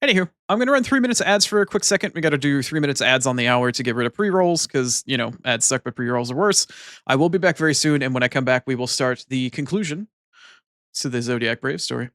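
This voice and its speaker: Bright-voiced male streamer chatting. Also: mid-range voice, animated, quick pace, no echo, studio quality. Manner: profane, teasing banter with chat. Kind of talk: casual live-stream chat.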